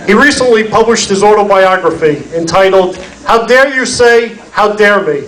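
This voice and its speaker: A man presenting an award at a banquet, reading a prepared introduction in a steady, formal way. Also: sits high, normal speed, far from the mic. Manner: steady, formal listing of credits. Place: banquet hall. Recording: voice from off mic in a hall.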